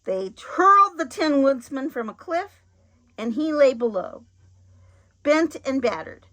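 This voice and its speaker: Storybook narrator, woman, bright voice, slightly high. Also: very animated, unhurried. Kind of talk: storybook reading aloud.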